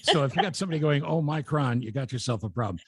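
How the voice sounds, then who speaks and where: A man's voice: mid-range voice, very fast, husky, no room sound, clean studio sound. A man hosting a podcast, chatting casually and joking wryly with his co-host. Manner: wry, joking, lively delivery. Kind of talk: casual chat.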